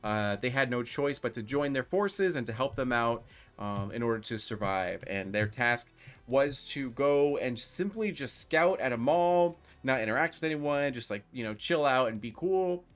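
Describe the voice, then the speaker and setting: A man's voice: mid-range voice, moderate pace, faint music behind. A man hosting and narrating a live-streamed tabletop role-playing game as game master, talking loosely with many fillers. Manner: relaxed, filler-heavy talk.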